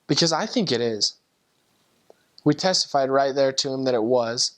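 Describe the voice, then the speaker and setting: A man's voice: mid-range voice, a little slow, long pauses. A young man, a returned missionary, earnestly telling a personal story with heartfelt emotion and frequent restarts.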